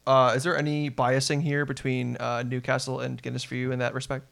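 A man's voice: mid-range voice, monotone, fairly quick, vocal fry, fairly bright tone. Teasing podcast host guy. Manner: teasing, asks guests questions. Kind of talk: casual podcast chat.

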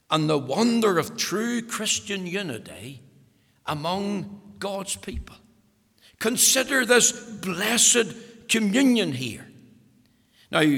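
A man delivers a sermon in a high, gravelly voice. He preaches earnestly, stressing his points and repeating words. His voice rings through a church hall with a long reverb. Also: sharp tone.

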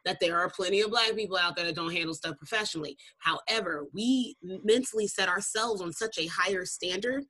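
A woman, co-hosting a casual podcast chat, blunt and animated. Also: on the low side, fairly quick, hardly any pauses, slightly rough. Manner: blunt, animated, quotes people in voices.

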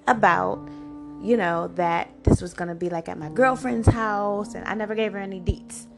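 A woman in her forties hosting a podcast, telling a personal story in a chatty, animated way full of "like" and "you know". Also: mid-range voice, moderate pace, gravelly. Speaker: podcast host. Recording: music playing underneath. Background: background music.

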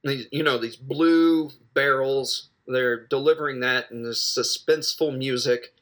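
A man casually recapping a film he watched, rambling and joking with quick asides and self-corrections. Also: mid-range voice, steady tone, a bit bright. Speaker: film reviewer.

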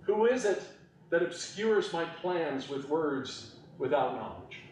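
A man voicing God speaking out of a storm, mighty and questioning, with slowed, emphatic delivery. The sound is roomy and heard from some distance. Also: a little high, big pitch swings, a little mellow, slight background noise. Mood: commanding. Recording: echoey room, mic at a distance.

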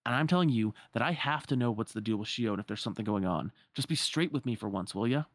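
A man's voice: lowish voice, animated, fast talker, dry recording, clean studio sound. A man voicing a loyal, blunt young man from a game, in a casual, near-natural voice.

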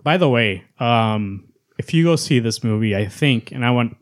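A man co-hosting a comics podcast, talking fast and animatedly in casual chat, swearing freely. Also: mid-range voice, expressive. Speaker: podcast co-host.

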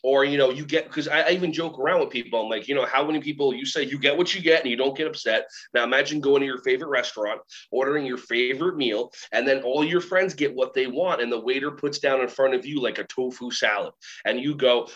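Lively storytelling man, muffled sound. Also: medium pitch, fast, few pauses. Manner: animated, acts out quoted voices of kids and teachers. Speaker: guest, workshop trainer and keynote speaker. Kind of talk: storytelling interview talk. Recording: slightly muffled recording.

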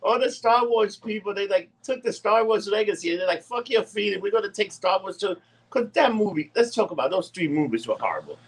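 A high-voiced man with a husky edge co-hosts a casual podcast. He talks loosely and swears freely. He often stumbles and restarts mid-sentence. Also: lively intonation, a little fast. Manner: loose, profane, stumbles over words. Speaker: podcast co-host. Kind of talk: casual profane chat. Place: dim indoor room.

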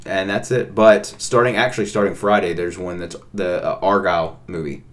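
A young man co-hosting a casual podcast with his partner, ranting playfully and getting loudly worked up. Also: sits low, normal speed. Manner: playful ranting, animated outbursts. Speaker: podcast co-host. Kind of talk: casual chat.

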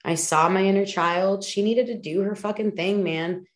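A woman's voice: medium pitch, steady tone, normal speed. A woman hosting a podcast, talking candidly and emphatically about her own feelings, with casual swearing and frequent fillers. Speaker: podcast host. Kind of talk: personal reflective monologue.

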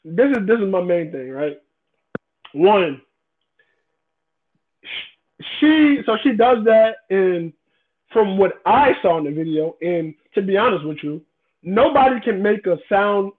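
A man in a casual debate, emphatic and profane, often repeating himself. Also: high voice. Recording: tinny phone-like sound.

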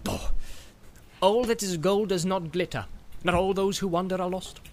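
A man's voice: high voice, normal speed, voice pushed up. A man voicing an elderly male hobbit who recites a poem and then whispers asides. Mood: defiant. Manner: lively, raised, half-whispered asides. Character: fussy elderly male hobbit, proud poet.

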